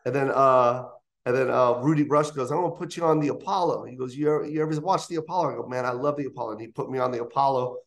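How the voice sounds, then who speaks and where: This fast-talking man has a medium-pitched voice. He's a comedian in his fifties, a guest in an interview studio, telling anecdotes with lots of energy and imitating the voices of the people in them.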